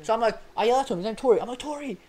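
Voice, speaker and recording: A young Australian man telling a travel story in a casual podcast chat, animated and slangy, often breaking into laughter. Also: very high-pitched, very fast, low-quality recording. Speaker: podcast guest.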